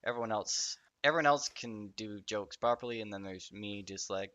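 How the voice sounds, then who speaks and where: Young Canadian man, podcast guest, jokey and profane, crisp bright voice. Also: fairly low pitch, no echo. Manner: joking, swears often, quick bursts of laughter. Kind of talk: casual podcast chat.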